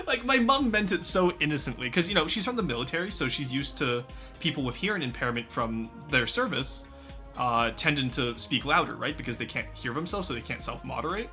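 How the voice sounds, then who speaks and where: A man's voice: a little high, a little fast, faint music behind. A young man chatting with his stream viewers, laughing often. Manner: animated, laughs often, talks to chat. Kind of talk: casual live-stream chat.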